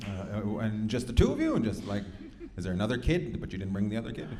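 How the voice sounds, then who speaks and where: Quick and sing-song, his lowish voice cuts through an echoey club full of crowd noise. The comedian works the room, brashly and profanely picking on people in the audience.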